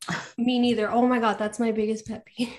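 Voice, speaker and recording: A woman's voice: a little high, level tone, brisk, darkish tone. A young woman co-hosting a podcast, chatting casually with many fillers and frequent laughs. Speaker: podcast co-host. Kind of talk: casual chat.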